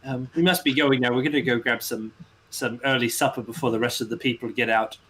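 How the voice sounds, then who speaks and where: A man voicing a gentle, tired young mother in a tabletop game, speaking softly and politely. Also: medium pitch, fairly even intonation, a little fast, husky, rough recording. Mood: grateful. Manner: soft, polite and quiet.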